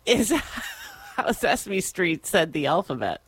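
A woman co-hosting a casual radio chat, playful and quick with jokes, often laughing. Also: lowish voice, very animated, slightly rough. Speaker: radio co-host.

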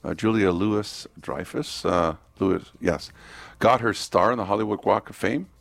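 A man hosts a morning radio show on a studio microphone, chatting casually, joking around, and reading out birthdays and dates. His fairly low voice is unhurried with vocal fry, in a dry recording.

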